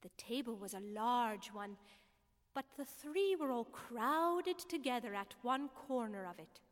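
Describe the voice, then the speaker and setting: Slow, measured woman narrator. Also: on the high side, animated. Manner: unhurried, measured reading. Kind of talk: storybook reading aloud. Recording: long reverb.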